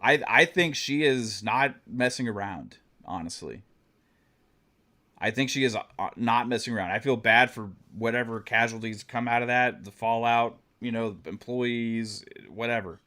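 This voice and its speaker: A man's voice: mid-range voice, measured pace, sharp tone. A man hosting a gaming channel, giving live-stream commentary in an impassioned, profane rant aimed straight at his viewers. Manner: talks straight to the audience.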